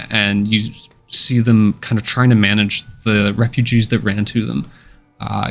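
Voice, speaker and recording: A man narrating a fantasy tabletop game as game master in a relaxed, descriptive way. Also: fairly low pitch, creaky. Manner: relaxed, descriptive, many uh and kinda fillers.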